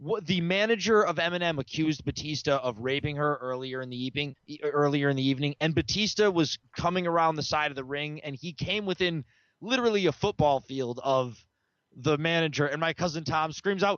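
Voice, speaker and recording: Podcast co-host, male, high-pitched and animated, dry muffled sound. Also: brisk, no room sound. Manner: animated, swearing storyteller, laughs often. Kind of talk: casual podcast banter.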